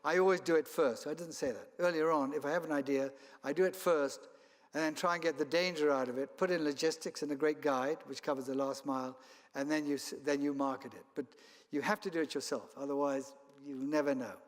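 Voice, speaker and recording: A travel company founder from Kenya and South Africa gives an anecdotal keynote in an event hall, his fairly high, steady voice moving fairly quickly. He rambles, restarting and chuckling as he goes, and the recording carries long hall reverb.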